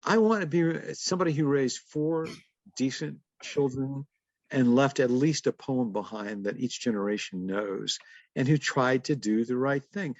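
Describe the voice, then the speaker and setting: A man's voice: medium pitch, darkish tone, no echo, highs cut off. A man in his seventies, a guest in an interview, telling stories and laughing often as he talks. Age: 70s. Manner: storytelling, quotes others in acted voices, laughs often. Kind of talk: conversational interview.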